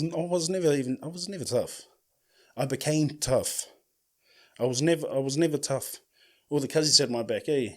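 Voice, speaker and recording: Full of slang and swearing, this New Zealand-accented man spins a casual story as a podcast host. He belts out the quoted lines in a mid-range voice with a breathy edge.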